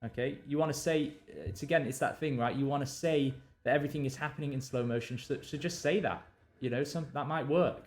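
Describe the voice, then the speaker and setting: A man's voice: mid-range voice, brisk, few pauses. A male novelist on a live stream, talking through his writing with many fillers and restarts and reading draft lines aloud. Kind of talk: thinking aloud while drafting.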